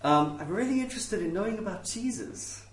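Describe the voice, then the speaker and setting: A New man voicing a timid, earnest young man asking about salvation, halting and quiet, in a roomy hall from a distant mic. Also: high voice, animated, a little hiss or hum, voice pushed up.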